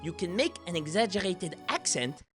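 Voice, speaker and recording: Brief: young Frenchman with French accent, playful reaction host, slightly high voice, faint music under him. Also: very animated, moderate pace, fairly bright tone. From France. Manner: chatty, playful, explains pronunciation. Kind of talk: casual commentary.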